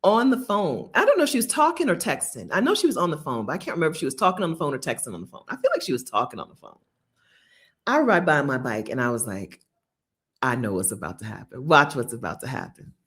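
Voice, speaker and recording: Here's a woman vlogger, American, recounting her travels to viewers while in Bogota. Her voice is low and quick, and her casual, chatty delivery comes with frequent laughter and animated storytelling.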